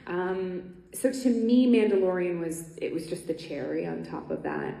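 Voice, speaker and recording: Gravelly low woman in echoey hall. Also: fairly even intonation, a little slow, mellow. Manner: chatty, laughing, many ums and restarts. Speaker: panel guest actor. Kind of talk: convention panel talk. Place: convention stage hall.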